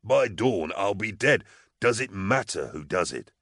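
A man doing a calm, placid condemned prisoner. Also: on the low side, measured pace, dry recording, clean studio sound, full character voice. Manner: placid, reasoned, quietly detached.

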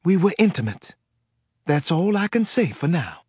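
A scared Southern woman, played by a man reading the story, speaks in a raised, husky voice. Her words come out halting and pleading, as if she is close to tears. The voice sounds dry and close, with nothing around it. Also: high voice, big pitch swings, a little mellow, no echo, pitched above the performer's own voice, heavily acted. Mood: fearful pleading. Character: frightened secretive Southern woman caller.

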